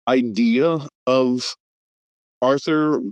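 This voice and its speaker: A man's voice: mid-range voice, very slow, darkish tone, no echo, lo-fi sound. Enthusiastic man in his fifties, dry sound. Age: 50s. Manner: enthusiastic, rattles off names and credits, frequent fillers. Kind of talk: casual film podcast chat.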